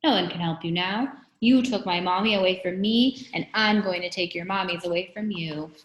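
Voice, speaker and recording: A woman's voice: mid-range voice, brisk, warm tone, echoey room, lightly acted, low-quality recording. A woman voicing a sneering, villainous male teacher in a children's story read-aloud. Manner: sneering, menacing.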